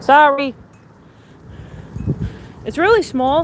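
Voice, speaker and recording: A woman's voice: high voice, sing-song, a little slow. A woman chatting casually to her phone camera while walking outdoors in a small town, rambling and breaking off mid-sentence. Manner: chatty, rambling, self-interrupting. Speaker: vlogger. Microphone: handheld phone camera. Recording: loud street noise and wind.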